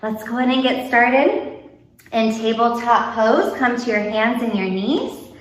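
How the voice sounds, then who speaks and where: A woman guiding a playful yoga class for young children, giving gentle, sing-song instructions. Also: a little high, measured pace. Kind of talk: guided kids' yoga class. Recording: roomy echo with music behind. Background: background music.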